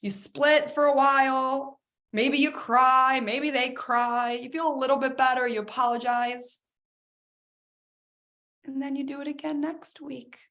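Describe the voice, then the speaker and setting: A woman's voice: high-pitched, unhurried. A middle-aged woman hosting a self-help workshop, talking casually and acting out everyday arguments in quoted voices. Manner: animated, acts out quoted dialogue in other voices. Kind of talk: live coaching talk.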